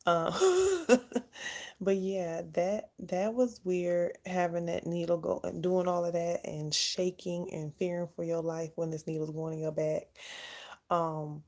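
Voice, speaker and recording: A woman's voice: fairly low pitch, level tone, slow pace, a little mellow. A young woman casually telling her own story to the camera, candid and chatty. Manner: candid, chatty, laughs often. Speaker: vlogger.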